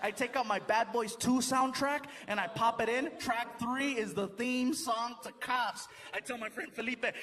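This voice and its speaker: A man doing stand-up, telling a story and acting out voices, often shouting punchlines. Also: extremely high pitch, unhurried, few pauses. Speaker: stand-up comedian. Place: comedy stage. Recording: live set with loud audience noise.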